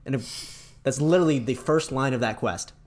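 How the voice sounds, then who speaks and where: A man co-hosts a casual video game podcast, animatedly retelling scenes from a game and mocking a villain by imitating his voice. He has a mid-range voice and speaks at normal speed.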